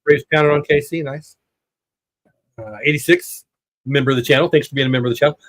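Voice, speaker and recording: Fifties guy rambling thru a live ball game watch party, dry close sound, reads chat out loud. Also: a little high, quick pace, dry recording, rough recording. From United States. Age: 50s. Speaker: livestream watch party host. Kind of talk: casual live baseball commentary.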